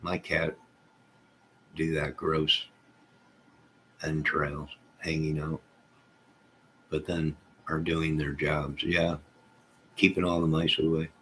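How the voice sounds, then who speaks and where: A man's voice: very deep voice, flat delivery, slow, pauses often, a bit bright, a little hiss or hum. A man hosting a casual livestream from home, joking and teasing viewers by name as he reads the chat. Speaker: livestream host reading chat. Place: at home with goats nearby.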